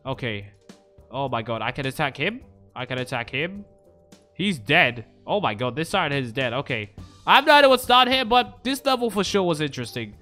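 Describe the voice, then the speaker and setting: A young man in his twenties giving jokey, excitable Minecraft let's-play commentary, jumping between loud shouts and nervous muttering. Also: medium pitch, moderate pace, soft background music. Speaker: gaming YouTuber.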